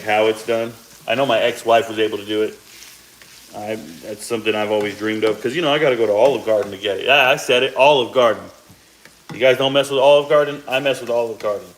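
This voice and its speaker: A man's voice: mid-range voice, slight background noise, low-quality recording. Chatty fortyish man with a cough. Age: 40s. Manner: chatty, rambling asides while cooking. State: slight cough from a sore throat. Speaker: cooking vlogger. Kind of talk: casual cooking chat to viewers. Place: home kitchen, cooking at the stove. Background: faint sizzle of frying food.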